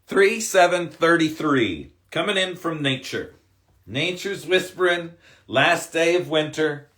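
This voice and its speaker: Upbeat man giving a bright pep talk. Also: a little high, expressive, slow. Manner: upbeat, emphatic, swears casually. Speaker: spiritual coach. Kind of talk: live-stream card reading and pep talk.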